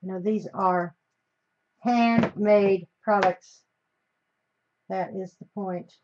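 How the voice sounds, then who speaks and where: With a slow pace and fairly even intonation, a woman from the US rambles through a crafting live stream, often leaving sentences half-done to start new ones. Her voice is mid-range and darkish, and the audio is slightly dull with faint hiss.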